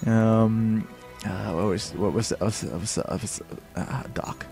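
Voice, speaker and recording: Male game streamer, slow delivery, excitable yelps, lots of ums, faint music behind. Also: vocal fry. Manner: excitable, bursts of high-pitched exclamations; thinks aloud with many fillers. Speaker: livestream host playing a game. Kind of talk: live gameplay commentary.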